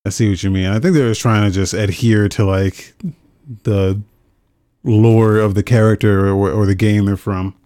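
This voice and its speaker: A laid-back man co-hosting a gaming chat, often hesitating before he makes his point. His voice is lowish, smooth and resonant. The sound is dry and close. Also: little pitch movement, moderate pace, dark tone, no room sound. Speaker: podcast co-host reading viewer questions.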